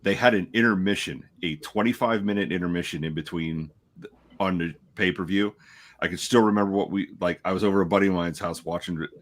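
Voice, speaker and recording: A man in his forties from Pennsylvania chats on a wrestling podcast. His voice is very deep. He speaks in a relaxed way, trailing off with fillers. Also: brisk. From Pennsylvania, USA. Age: 40s. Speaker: podcast co-host. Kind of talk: casual chat, reminiscing.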